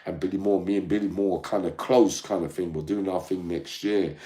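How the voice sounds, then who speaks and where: A man's voice: sits low, steady tone, brisk, dark tone, roomy sound. An older man hosting his own channel, delivering a profane, combative monologue to viewers and often demanding "yeah?". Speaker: online channel host.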